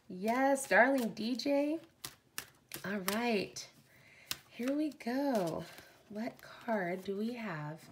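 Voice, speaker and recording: A woman hosting a live oracle card reading, slow and effusive, greeting viewers by name and offering spiritual encouragement. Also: mid-range voice, a little hiss or hum. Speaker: oracle card reader, livestream host.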